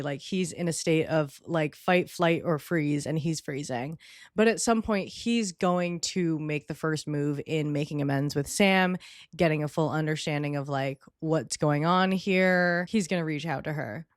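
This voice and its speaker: A young woman recapping a movie in casual vlog commentary, animated, sarcastic and exasperated. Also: sits low, normal speed, dry recording, studio quality. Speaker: vlogger.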